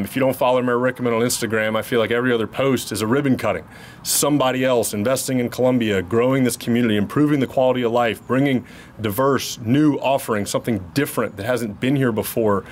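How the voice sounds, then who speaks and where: A man speaks at a podium mic during a ribbon cutting ceremony, upbeat and welcoming. His voice is mid-pitched, and faint background noise is heard. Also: fast. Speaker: landlord giving a speech. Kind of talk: ceremony speech. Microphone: podium microphone.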